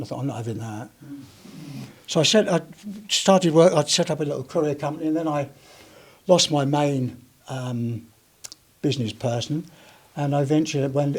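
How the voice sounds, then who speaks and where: His voice runs a little high with a darkish tone. An older retired police officer, he chats and rambles through anecdotes before a live audience at a heritage gallery, restarting often.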